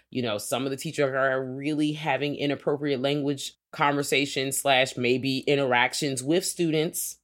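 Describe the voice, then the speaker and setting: Male podcast co-host, mid-pitched, slangy and profane, chatty and unpolished. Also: fairly bright tone. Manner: loose, slangy and profane, heavy on filler words. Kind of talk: casual film-review chat.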